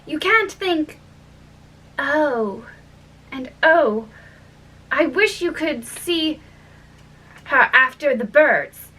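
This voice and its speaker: A woman's voice: high voice, very animated, measured pace, a bit bright, recorded from a distance, exaggerated voice, low-quality recording. Alice, a woman doing an eager young girl.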